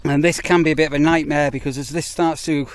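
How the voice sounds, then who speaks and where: A man's voice: on the high side, fairly even intonation, quick pace, clean tone. A British man, a campsite warden, chatting casually while working outdoors, rambling with frequent ums and out of breath. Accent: British English. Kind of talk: casual outdoor work vlog.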